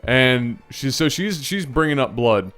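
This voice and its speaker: A man casually telling a long story to his viewers, animated and rambling. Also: mid-range voice, measured pace, soft background music. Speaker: storytelling video host.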